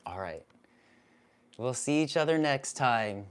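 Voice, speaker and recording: A man hosting a live-streamed card reading, talking gently and soothingly, often repeating himself. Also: medium pitch, expressive, takes it slowly, long pauses, heavy background noise. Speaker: spiritual card reader, live stream host.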